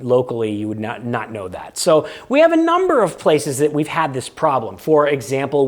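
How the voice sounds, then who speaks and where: A man from New England hosting a vlog, explaining things to camera in a casual, good-humored and self-deprecating way. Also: medium pitch. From New England, United States. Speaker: vlog host.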